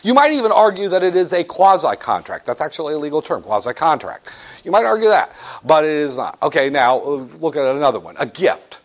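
A man's voice: fairly high pitch, a little fast. Guy teaching business law, voice jumping all over, hams up little skits for the class. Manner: animated, jokey, acts out little scenes. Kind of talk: classroom lecture.

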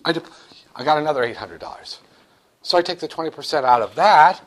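Lively high-voiced male lecturer. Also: a little fast. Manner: animated, joking, acts out dialogues with students. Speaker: economics lecturer. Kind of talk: classroom lecture.

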